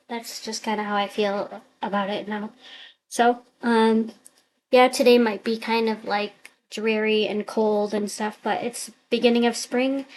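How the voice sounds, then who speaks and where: Woman vlogger, higher register, upbeat and meandering, webcam mic with light background noise. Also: low-quality recording. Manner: rambling, thinking aloud, upbeat. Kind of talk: casual chat to camera. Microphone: computer webcam mic.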